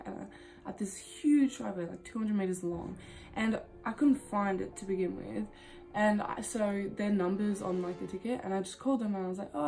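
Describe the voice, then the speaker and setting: A woman's voice: medium pitch, mellow. A woman vlogger telling stories in a casual, rambling way, laughing often and swearing casually. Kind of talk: casual storytime monologue.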